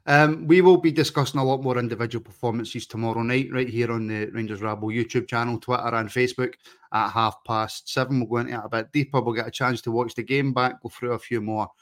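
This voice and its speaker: A man's voice: medium pitch, fairly even intonation, quick pace, fairly bright tone. A man hosting a casual football podcast, chatty and joking as he wraps up the show. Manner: jokey, chatty sign-off patter. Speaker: podcast host.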